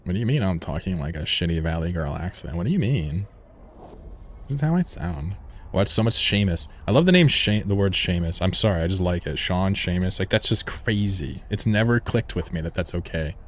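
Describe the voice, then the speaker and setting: A man's voice: sits low, lively intonation, a little fast, a little hiss or hum. A man chatting casually on a live game stream, rambling, joking and swearing freely while he plays.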